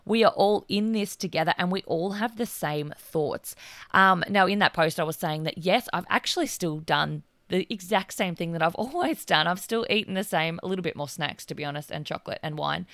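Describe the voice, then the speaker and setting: A woman hosting her own podcast in casual solo talk, earnest and encouraging, with a hoarse voice as she loses it, and many fillers. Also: fairly low pitch, brisk, fairly bright tone, dry recording. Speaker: podcast host.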